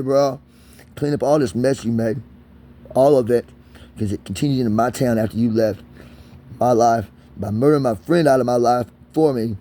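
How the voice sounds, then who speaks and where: A man's voice: mid-range voice, moderate pace, dark tone. A man with a speech impediment, ranting angrily in a vlog. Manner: agitated, angry ranting. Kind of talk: vlog rant.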